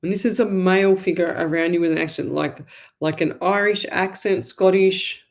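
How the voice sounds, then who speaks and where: A woman's voice: lowish voice, fairly even intonation, moderate pace, vocal fry. A woman hosting a live psychic reading show from home, talking in a rambling, chatty way full of fillers and asides. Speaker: psychic medium host.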